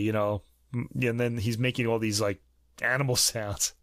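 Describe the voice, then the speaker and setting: A man's voice: mid-range voice, level tone, brisk, fairly bright tone, no echo, clean studio sound. A man co-hosting a music podcast, chatting in a jokey, opinionated way with lots of fillers. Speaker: podcast co-host. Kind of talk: casual music review chat. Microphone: podcast microphone.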